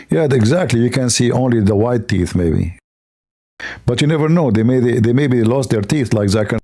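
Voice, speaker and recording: A man's voice: mid-range voice, expressive, unhurried, long pauses, dark tone. A man hosting a livestream, talking in broken, non-native English, rambling and sarcastic. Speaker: livestream host. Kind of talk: casual livestream talk.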